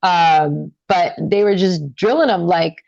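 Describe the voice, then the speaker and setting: A woman's voice: slow pace, gravelly, no echo. Young woman telling her story in an interview, lots of "like", dull dry sound. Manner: animated, many fillers, rising high when upset. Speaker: interview guest. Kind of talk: casual storytelling.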